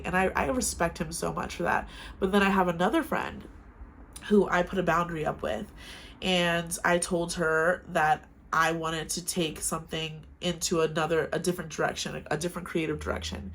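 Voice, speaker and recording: A young woman vlogs casual advice to camera, chatty and frank, telling animated stories from her own life. Her voice is lowish and she speaks at normal speed.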